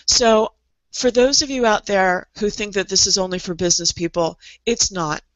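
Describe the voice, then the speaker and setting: A woman's voice: medium pitch, fairly even intonation, normal speed, no room sound, dull audio. A middle-aged woman coaching aspiring writers in a motivational online presentation, speaking earnestly and leading guided imagery with repeated phrases. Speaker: creative coach.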